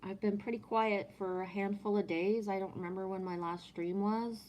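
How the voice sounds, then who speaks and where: A woman's voice: mid-range voice, fairly even intonation, normal speed, darkish tone, slight background noise. A woman with a French accent chatting casually on a live stream, greeting viewers by name and reading from oracle cards.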